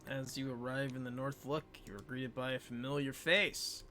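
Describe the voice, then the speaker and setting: A man narrates a tabletop game as game master, in a casual tone with fillers. His voice is bright and sharp. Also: medium pitch, fairly even intonation, normal speed, a little hiss or hum.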